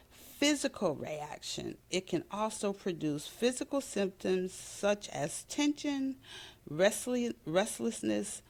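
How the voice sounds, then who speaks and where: A woman hosts a solo podcast from her home, speaking in a low, gravelly voice. She talks earnestly and casually, leaning on fillers and restarting words as she works through her notes. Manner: earnest, reads from notes with frequent fillers and self-corrections. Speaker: podcast host.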